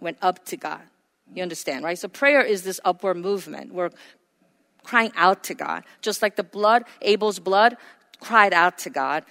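A woman's voice: lowish voice, moderate pace, pushed and bright. A woman preacher giving an earnest, emphatic sermon with frequent fillers. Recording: long hall reverb.

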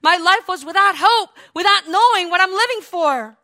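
A woman preaching a fervent sermon, leading the congregation in call-and-response and rising to loud cries of praise. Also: very high voice, lively intonation, moderate pace.

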